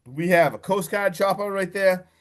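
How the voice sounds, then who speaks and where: Excitable man recapping a horror film. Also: high-pitched, moderate pace. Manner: excitable, swears, acts out quotes from the film. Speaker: podcast host.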